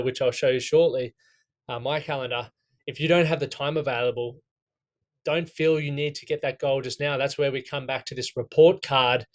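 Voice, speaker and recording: A man with an Australian accent leading a goal-setting workshop for men, talking casually and bluntly, often swearing and checking in with the group. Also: mid-range voice. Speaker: coach running a men's goal-setting workshop.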